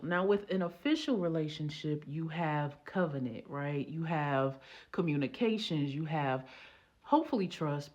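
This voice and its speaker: A woman vlogger telling a personal story and giving relationship advice in a casual, animated, playful way, with teacherly asides. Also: low-pitched. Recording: dull lo-fi audio.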